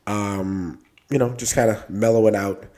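A man's voice: lowish voice, steady tone, normal speed, a little mellow. A man co-hosting a podcast in casual chat, laid-back and joking, rambling with fillers and swearing. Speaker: podcast co-host.

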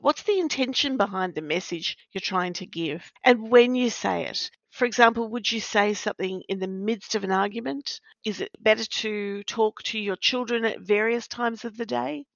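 A woman hosting a podcast, explaining in a measured, explanatory way and stressing key words. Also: medium pitch, a bit bright, no room sound. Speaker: podcast host, practice faculty manager. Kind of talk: scripted-sounding podcast chat. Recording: dry, slightly dull lo-fi recording.

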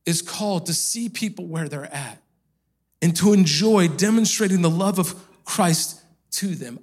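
A man's voice: sits high, fairly bright tone. A male pastor preaching a sermon in a church, telling a story in a loose, conversational way. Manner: conversational storytelling with casual fillers.

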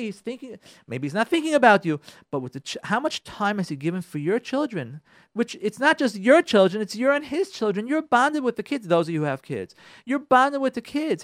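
In a clean, dry studio recording, a man with a very high voice tells a story on his radio show and gives marriage advice. He speaks directly to his listeners, repeating phrases to drive points home.

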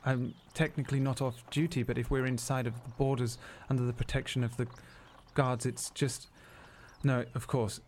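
A man's voice: mid-range voice, flat delivery, moderate pace, a little mellow, a little hiss or hum, lightly acted. A man voicing a flustered young female soldier on duty, who stammers and trips over her words.

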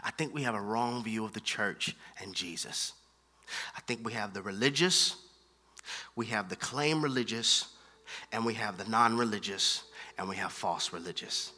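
A man preaching a sermon, animated, moving from hushed asides to loud emphatic lines and using casual slang. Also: lowish voice, normal speed, long pauses.

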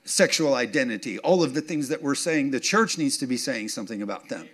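A male pastor delivering a sermon in a mid-pitched voice. He talks straight to the congregation, checks that they are following, and builds to punchy, emphatic points. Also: expressive, fairly quick, fairly bright tone. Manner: call-and-response, keeps checking in with the congregation; rises to emphatic, punchy declarations.

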